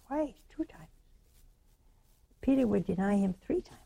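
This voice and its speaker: Southern woman preacher, older, slow and mellow, animated storyteller who hushes for quotes. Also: medium pitch, gravelly. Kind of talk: sermon.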